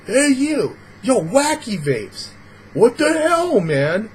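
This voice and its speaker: A man voicing a rude vaper who yells and swears at a vendor from across a room. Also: very high voice, big pitch swings, slow pace, slight background noise, pitched above the performer's own voice, heavily acted. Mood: angry heckling. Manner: yelling and swearing from a distance. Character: rude loud male vaper heckling a vendor.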